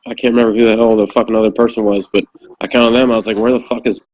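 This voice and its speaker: A man's voice: on the low side, rapid-fire, rough recording. A man who served as a Marine corporal, telling war stories in a casual, profane chat. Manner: profane, animated storyteller. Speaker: former Marine corporal, guest.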